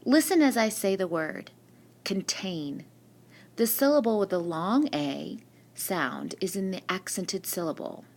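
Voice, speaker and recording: In a recorded spelling lesson, a woman teacher with a medium-pitched voice and lively intonation patiently asks questions and answers them on her own. She speaks slowly into a screen-recording mic.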